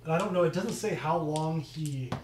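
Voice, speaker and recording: A fairly high-voiced man chats casually at a gaming table, pausing as he works through rules aloud. He sits well back from the microphone in an echoey room with faint background noise. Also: a little mellow, distant mic. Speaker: player. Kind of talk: casual tabletop game chat.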